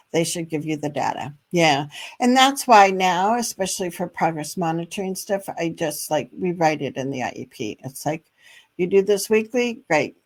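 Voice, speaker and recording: Chatty woman advocate, lower voice. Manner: chatty and practical, frequent fillers and laughs. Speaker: special education advocate and host. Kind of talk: live-streamed advice show, answering viewer comments.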